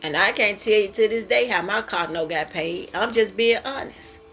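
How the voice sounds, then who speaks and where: A woman's voice: medium pitch, normal speed, a bit bright, soft background music. Earnest woman preaching informally. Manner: earnest, repetitive, testifying. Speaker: devotional speaker.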